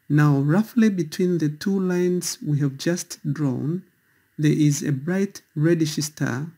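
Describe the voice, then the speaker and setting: A man talks slowly and carefully, with a husky, mellow voice pitched a little high. He narrates a scripted sky guide in a measured, instructional way, recorded close to the mic.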